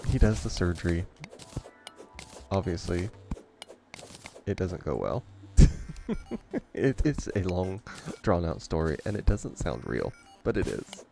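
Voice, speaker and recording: A man's voice: deep voice, sing-song, takes it slowly, creaky, pauses often, music in the background. A man hosting a gaming channel, rambling through a story in a casual way and chuckling often between remarks. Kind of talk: casual storytelling over gameplay.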